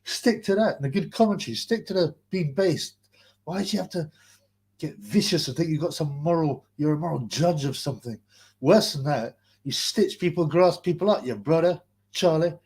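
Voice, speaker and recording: Husky man ranting on a livestream. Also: fairly high pitch, normal speed, darkish tone. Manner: mocking, rambling, reads out chat greetings. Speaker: livestream host. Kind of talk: casual livestream rant.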